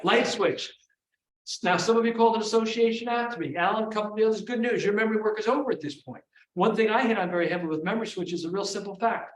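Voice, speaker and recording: High-voiced man leading an energetic memory seminar. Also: quick pace. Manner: energetic, call-and-response with the audience. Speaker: memory trainer. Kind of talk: live seminar teaching. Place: large room before a live audience. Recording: echoey room, voice from far off.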